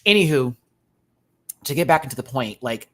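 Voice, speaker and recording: Male show reviewer on a live stream; expressive, swooping delivery, rambling and quick to laugh. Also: medium pitch. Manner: animated, rambling, laughs often, many fillers.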